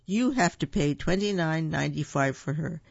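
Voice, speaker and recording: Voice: mid-range voice, lively intonation, normal speed, gravelly, husky, no room sound. A storyteller voicing a blunt, insistent male cashier, in a dull lo-fi recording. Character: pushy grown man at the cash register.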